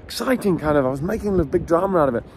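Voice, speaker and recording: Outdoors near a beach, an animated man with a fairly high voice races through dog-training anecdotes, acting out the scenes as he teaches in a casual talk. Faint outdoor ambience with waves and slight background noise sit behind him.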